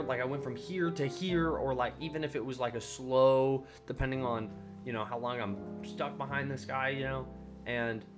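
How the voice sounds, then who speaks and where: Rambling man talking over guitar music. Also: medium pitch. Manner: rambling, filler-heavy, animated retellings of his own anger. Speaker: podcast host. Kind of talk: casual solo rambling monologue.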